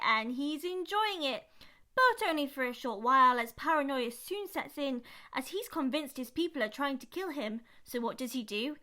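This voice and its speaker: A young woman with a British accent runs an energetic drama workshop, chatty and playful. Her voice sits high and sounds bright and crisp. The recording has a noticeable echo from the room around her. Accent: British English. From Britain. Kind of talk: lively teaching to camera. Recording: echoey room.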